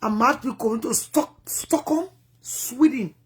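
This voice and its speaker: A woman with a Liberian accent giving animated, rambling commentary in a casual vlog. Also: a little high, slow. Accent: Liberian English. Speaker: vlogger.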